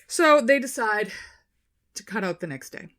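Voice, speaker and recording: A woman co-hosting a podcast, telling a story in casual chat, animated and swearing as she quotes people. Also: fairly high pitch, moderate pace. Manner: animated retelling, swearing, quoting people in their voices. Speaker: podcast co-host.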